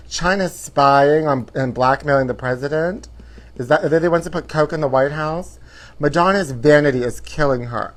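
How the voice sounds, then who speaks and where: A man hosting a live show from his apartment, chatty and theatrical, sprinkling "honey" through his campy gossip. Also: a little high. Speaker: host.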